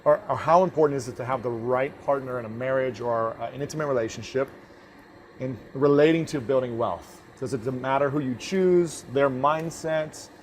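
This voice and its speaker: A man's voice: medium pitch, normal speed, a little hiss or hum. A man asking interview questions, with many short agreeing replies.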